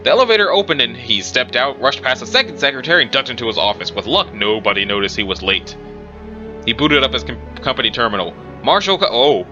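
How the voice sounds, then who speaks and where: A man casually reads a story aloud, stopping for chatty asides and correcting himself along the way. His medium-pitched voice swings widely and moves quickly, and the recording is muffled with music in the background.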